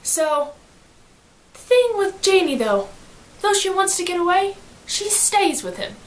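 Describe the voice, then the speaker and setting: A woman giving a casual book summary in slangy, animated storytelling, acting out quotes as she goes. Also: extremely high pitch, a little slow. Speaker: student reviewer.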